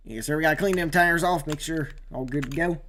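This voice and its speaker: A man commentating his own sim race on a live stream, rambling with many fillers and sudden excited outbursts. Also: fairly high pitch, brisk, slight background noise.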